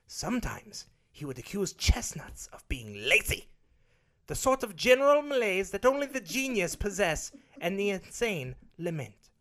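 A man's voice: high voice, fairly bright tone. A man voicing a pompous storyteller in an exaggerated fake German accent, reading a comic monologue.

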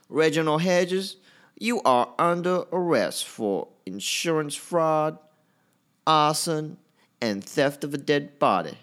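A man's voice: a little high, animated, fairly bright tone, pitched above the performer's own voice. A man voicing a stern lawman with a put-on American Southern accent, drawing out every word as he makes an arrest. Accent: American South (West Texas). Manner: slow, drawn-out, stern pronouncement.

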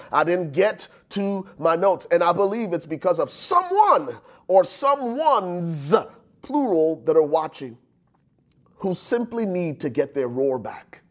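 A male pastor preaching a sermon, building to shouted climaxes and calling out to the congregation. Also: on the high side, expressive, a little slow. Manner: preaching with swelling shouted climaxes and call-outs. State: out of breath.

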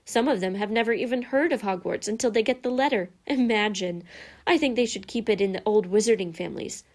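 A woman's voice: mid-range voice, brisk, a little mellow, close to an everyday voice. A woman reader voicing a snobbish pale boy who drawls and sneers. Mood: sneering.

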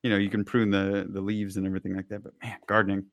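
Low-voiced joking podcast co-host, man. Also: level tone, no echo. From Kansas. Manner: jokey, rambling, quick to laugh. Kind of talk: casual chat.

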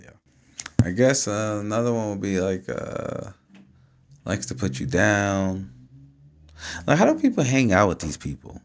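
Vlogger, male, lowish voice, casual profane riffing to camera. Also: big pitch swings, measured pace, pauses often. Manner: loose, streetwise, swears freely, keeps asking "you know what I'm saying". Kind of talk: casual solo talk to camera.

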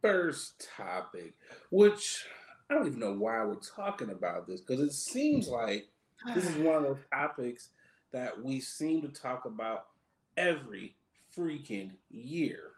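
A man riffs and jokes through casual podcast banter with a loose, drawn-out delivery. His voice has a gravelly, fry-heavy texture and a middle pitch. The sound bounces around an echoey room. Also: sing-song. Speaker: podcast co-host.

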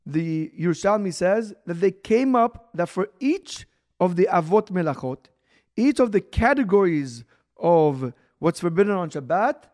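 Man giving a casual Torah lesson. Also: high-pitched. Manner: conversational teaching with Hebrew terms and restarts; stresses key words slowly and loudly. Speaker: rabbi teaching a Torah class. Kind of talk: recorded religious lesson.

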